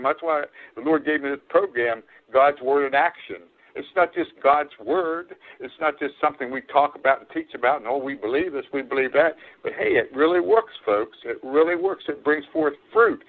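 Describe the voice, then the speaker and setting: A man preaching an earnest radio sermon as an evangelist, repeating his exhortations with frequent fillers. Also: a little high. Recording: tinny phone-line broadcast.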